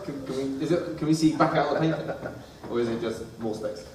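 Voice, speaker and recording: A man contestant in an improvised role-playing game show, asking quick, curious questions. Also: medium pitch. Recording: distant mic in very echoey hall, loud noise.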